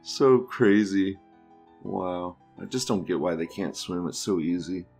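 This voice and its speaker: A man's voice: low voice, measured pace, creaky, a little mellow, faint music behind. A man hosting a podcast, giving crude, profane, offhand commentary and often laughing as he reacts to videos. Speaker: podcast host.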